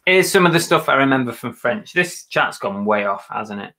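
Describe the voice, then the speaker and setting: A man chats on a live stream, his voice bright and forward. He jokes along and stops and restarts his sentences. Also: medium pitch, expressive. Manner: jokey, halting, restarts with ums. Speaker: co-host of a reselling live show. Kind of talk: casual live-stream chat.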